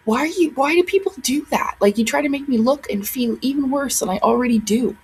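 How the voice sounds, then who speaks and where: Breathy woman rambling emotionally. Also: high voice, normal speed, poor audio. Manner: rambling, emotional, frequent fillers and restarts. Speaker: vlogger. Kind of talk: casual chat to camera.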